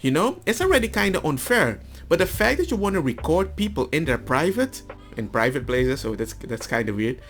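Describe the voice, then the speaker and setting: A man's voice: on the high side, big pitch swings, brisk, fairly bright tone, faint music behind. A man hosting a commentary video, arguing his opinions and acting out quoted conversations. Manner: argumentative, acts out quoted dialogue.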